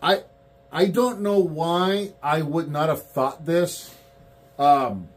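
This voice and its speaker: Animated toy-collecting man telling stories. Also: fairly high pitch, slow pace. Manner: animated storyteller, acts out quotes. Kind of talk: casual chat.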